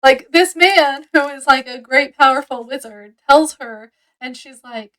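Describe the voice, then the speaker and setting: A woman with a high voice chats through a book review at an unhurried pace. She rambles as she retells the story, filling it with likes and ums. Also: fairly bright tone, low-quality recording.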